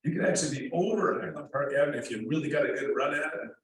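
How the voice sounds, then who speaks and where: A man rattles off an anecdote at a brisk clip. He sounds far from the mic, and his voice is washed in heavy room echo. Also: on the high side. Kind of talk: storytelling at a panel. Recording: distant mic in an echoey room.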